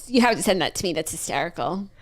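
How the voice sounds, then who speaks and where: A woman's voice: lowish voice, animated, quick pace. A young woman co-hosting a podcast, chatting casually with easygoing, wry reactions. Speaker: podcast co-host. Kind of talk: casual chat.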